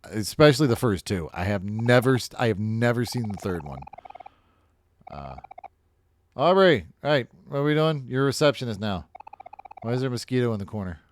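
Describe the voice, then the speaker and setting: A man's voice: mid-range voice, expressive, moderate pace, pauses often, a little hiss or hum. A man casually commentating his own game playthrough, rambling and swearing freely as he gives blunt opinions. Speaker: gaming video host. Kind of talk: casual let's-play commentary.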